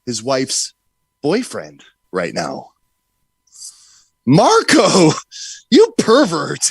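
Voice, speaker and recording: A man co-hosting a livestream, playful and joking with mock-dramatic pauses. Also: mid-range voice, dry recording. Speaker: livestream co-host. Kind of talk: casual livestream commentary.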